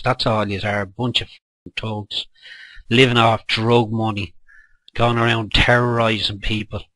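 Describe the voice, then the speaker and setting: Irish guy, middle-aged, swearing and scolding in an angry rant, sharp punchy voice, dry close sound. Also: mid-range voice, dry recording, low-quality recording. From Ireland. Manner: heated, profane, scolding. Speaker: political vlogger.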